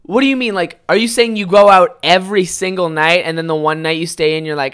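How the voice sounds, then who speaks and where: Young dude w a kinda high voice just ranting on his podcast, curses every other word, all over the place. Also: a little fast, hardly any pauses, clean tone. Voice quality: high-pitched for a man. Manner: rambling, heavy swearing, animated storytelling. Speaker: podcast host. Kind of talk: casual solo podcast chat.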